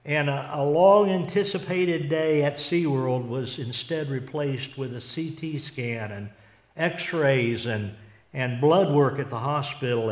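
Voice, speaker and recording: A man preaching a sermon as pastor, earnest and unhurried, often restarting and repeating words as he goes. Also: a little high. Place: church sanctuary. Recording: echoey church hall.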